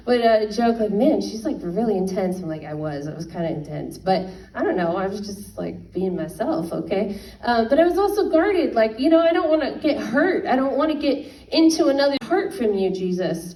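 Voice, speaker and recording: A woman in her thirties, a worship leader, giving an earnest personal faith testimony with halting restarts. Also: fairly high pitch, a little mellow. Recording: roomy, distant mic.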